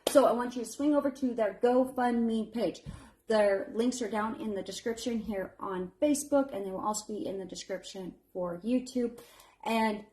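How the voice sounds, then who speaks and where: A woman's voice: fairly high pitch, moderate pace, warm tone, a little hiss or hum. A woman in her thirties hosting a live baking stream, chatty and encouraging, admitting she feels nervous. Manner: chatty and encouraging, calls viewers honey. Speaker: home baker hosting a live fundraiser bake. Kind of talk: casual live-stream chat.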